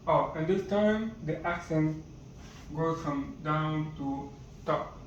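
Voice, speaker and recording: Hesitant male teacher with a higher voice, listing words one at a time, recorded muffled in an echoey room. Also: slow, far from the mic, a little hiss or hum. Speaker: language teacher. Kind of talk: casual vocabulary lesson.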